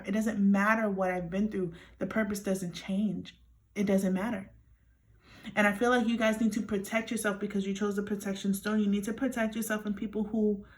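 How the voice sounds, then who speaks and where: A young woman doing a pick-a-card tarot reading, speaking straight to her viewers in an earnest, encouraging way. She talks fast and often restarts her sentences, and her voice sits at a medium pitch. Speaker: tarot reader.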